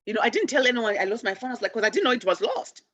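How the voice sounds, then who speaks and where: Woman host, fairly high and airy, earnest spiritual sharing with many restarts. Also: very animated, very fast, dry recording, lo-fi sound. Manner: earnest, with frequent restarts and repeated words; addresses souls in soft loving affirmations. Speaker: show host. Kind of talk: spiritual forgiveness practice talk.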